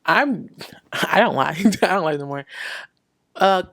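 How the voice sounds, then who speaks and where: A woman's voice: on the low side, expressive, takes it slowly, fairly bright tone. A young woman speaking frankly in a casual vlog, giving blunt advice and acting out little conversations.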